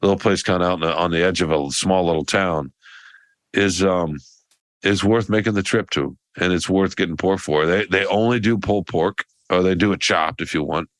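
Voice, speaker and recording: A man's voice: low voice, normal speed, dry recording. A man co-hosting a podcast, telling a long, rambling story in casual chat with many restarts. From American South. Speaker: podcast co-host.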